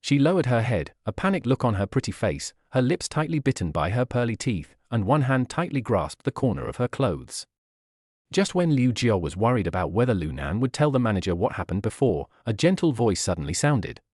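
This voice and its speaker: A man reads a web novel aloud as the narrator, keeping an even, steady pace. His pitch rises and falls a lot, and the recording is dry with no room sound. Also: fairly quick, dry recording.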